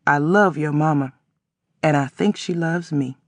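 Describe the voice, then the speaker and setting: A frail old man wheezes out his words in a low, weak voice, as a man reads him in an audiobook. He talks bluntly and plainly, in a folksy, drawn-out way. The sound is close and dry. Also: no room sound, lightly acted.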